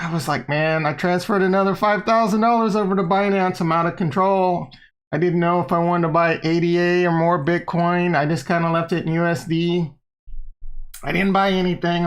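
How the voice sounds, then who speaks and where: A middle-aged man hosts a casual livestream, bantering with his viewers. His voice sits a little high for a man, and he talks in a hyped, playful, rambling way. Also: fairly bright tone, clear, resonant tone. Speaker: livestream host.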